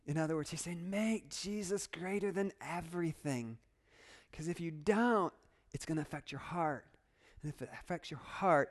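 A male pastor delivers his sermon with a voice that sits a little high for a man. He moves between calm, quiet explanation and loud, animated emphasis.

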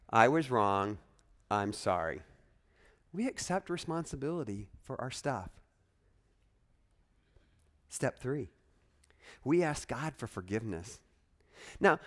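Guy preaching, lively voice jumping all over, chatty asides, kinda high. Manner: animated, conversational preaching with asides. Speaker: pastor. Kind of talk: sermon.

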